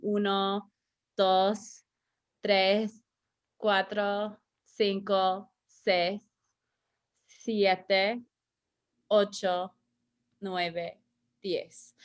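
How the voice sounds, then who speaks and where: A woman giving a casual language lesson, chatty and correcting herself as she goes, slowing down to read word lists. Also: medium pitch, fairly bright tone. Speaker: Spanish teacher on a show.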